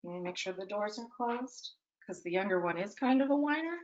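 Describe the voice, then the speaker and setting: A woman's voice: medium pitch, lively intonation, fairly quick, a little mellow, muffled recording. A woman presenting a webinar talk for parents, talking conversationally with dry, self-mocking humor and often checking in with "okay?". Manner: conversational, punctuates points with "okay?".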